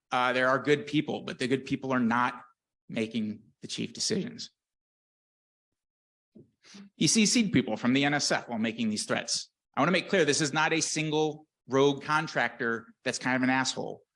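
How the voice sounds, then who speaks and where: Brief: male scientist presenting at a conference, mid-pitched, earnest and candid, dry self-deprecating humor. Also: fairly quick, fairly bright tone. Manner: earnest and candid, with filler words and restarts. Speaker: research scientist giving a conference talk.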